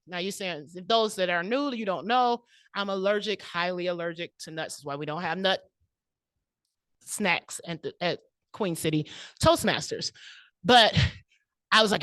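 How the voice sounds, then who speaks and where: A woman's voice: fairly low pitch, unhurried, long pauses, a bit bright, no room sound. A woman giving a prepared, personal speech at a club meeting, laughing often and close to tears. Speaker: club speaker. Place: meeting room.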